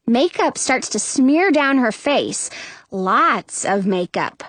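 High-voiced woman reading a kids' story. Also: big pitch swings, slow, fairly bright tone, no room sound. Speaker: audiobook narrator. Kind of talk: first-person children's story reading.

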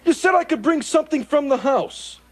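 A man voicing a wisecracking, needy male alien in a sitcom, fast with jokes and quick to plead. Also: very high-pitched, animated. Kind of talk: 1980s sitcom acting. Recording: loud studio audience laughter, noisy.

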